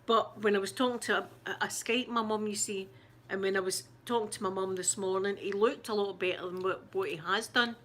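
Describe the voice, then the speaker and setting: An ASMR channel host from Scotland chats casually with her viewers in a live session, sounding shaken and near tears. She speaks haltingly with many restarts and fillers, her pitch middling for a woman, her intonation fairly even, and her tone a bit bright.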